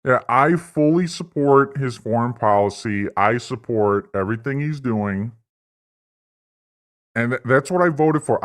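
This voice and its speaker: Male stream host, slow-paced and mid-pitched, with a rambling, profane, mock-earnest rant delivery. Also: lively intonation. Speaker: livestream host. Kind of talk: satirical political stream rant.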